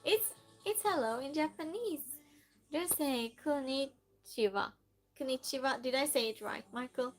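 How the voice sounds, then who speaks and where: A woman's voice: high-pitched, animated, normal speed, faint music behind. A woman streamer chatting casually and playfully with her live viewers, reading their messages aloud and teasing them.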